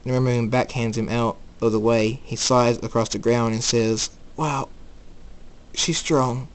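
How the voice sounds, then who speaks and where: A man's voice: mid-range voice, flat delivery, moderate pace, clear, resonant tone, rough recording. A man narrating an amateur storybook, reading plainly and stumbling over words now and then.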